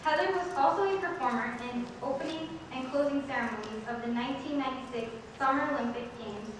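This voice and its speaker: A woman's voice: sits high, quick pace. Woman emcee, careful scripted reading, noisy echoing venue. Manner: reads carefully, stumbles on words. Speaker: student officer emcee. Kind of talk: formal scripted introduction. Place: large convention hall. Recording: echoey hall from far off, noisy.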